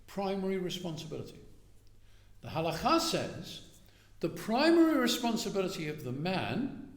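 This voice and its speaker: A man lectures on classical Jewish thought, lively and conversational, acting out small exchanges as he goes. His voice sits a little high and swings widely in pitch. The hall around him is roomy and echoing. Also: normal speed. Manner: animated, acts out little dialogues, asks "right?". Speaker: speaker giving a talk on Jewish thought. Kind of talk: lively lecture to a synagogue audience. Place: synagogue hall. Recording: echoey hall.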